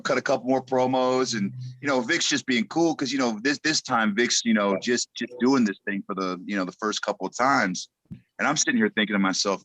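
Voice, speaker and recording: Man telling an animated backstage story. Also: mid-range voice, fairly quick, dry recording. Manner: animated, laughs as he tells stories. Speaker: guest, former wrestler. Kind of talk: casual podcast storytelling.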